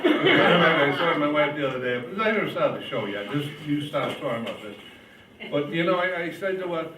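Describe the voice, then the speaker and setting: A man's voice: a little high, big pitch swings, brisk. An older man emceeing a show and telling self-mocking jokes in stand-up style, through a hand mic in a large hall with an audience. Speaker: emcee and comedian. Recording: echoey hall, distant dull sound, noise.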